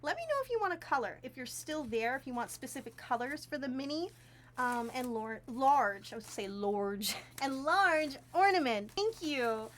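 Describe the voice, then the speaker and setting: A woman's voice: sits high, animated, normal speed, a bit bright, a little hiss or hum. A woman streaming from a tiny room at home, chatting casually while she crafts, giggly and full of thanks. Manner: chatty, giggly and effusively grateful.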